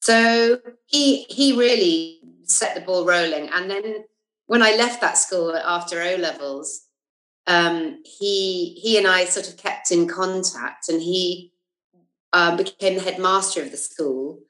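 A woman's voice: fairly low pitch, slow. A middle-aged woman from England with a southern English accent, a comedian and actress telling school stories as a podcast guest. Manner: lively storyteller with many fillers and asides. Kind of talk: casual interview anecdotes. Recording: roomy echo.

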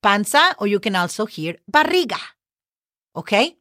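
A woman's voice: medium pitch, big pitch swings, moderate pace, a bit bright, no echo, clean studio sound. A woman hosting a podcast lesson, chatty and encouraging, spelling words out letter by letter. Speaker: Spanish teacher and podcast host. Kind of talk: relaxed podcast language lesson.

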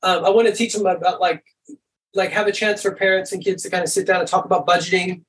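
A man with a notably high speaking voice talks as a podcast guest. He rambles in a relaxed, easygoing way and keeps padding his sentences with "and stuff." He sounds middle-aged and unhurried. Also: a little hiss or hum. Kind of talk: casual conversation.

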